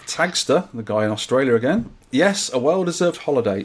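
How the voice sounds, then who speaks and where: A husky-voiced man co-hosting a podcast, chatting casually and joking as he reads out messages from listeners. His pitch swings up and down with plenty of life. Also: lively intonation, brisk, hardly any pauses. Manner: jokey banter, reads listener messages aloud. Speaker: podcast co-host. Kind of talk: casual chat.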